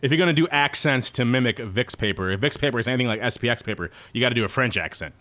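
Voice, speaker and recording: Joking podcast host, muffled sound. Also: male voice, medium pitch, expressive. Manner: joking, teasing, quick asides. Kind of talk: casual podcast banter. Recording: slightly muffled podcast audio.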